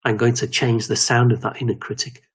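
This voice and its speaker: A man giving a slow, measured self-help talk on quieting the inner critic, often restarting his sentences. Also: medium pitch, little pitch movement, slightly rough. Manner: measured, repetitive, with frequent restarts. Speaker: confidence coach.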